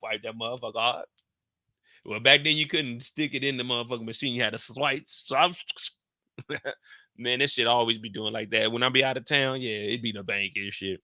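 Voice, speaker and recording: A man in his thirties hosts a show, casually telling a story full of swearing and acted-out dialogue in an animated, profane way. His mid-range voice moves briskly, and the recording is dry with clean studio sound.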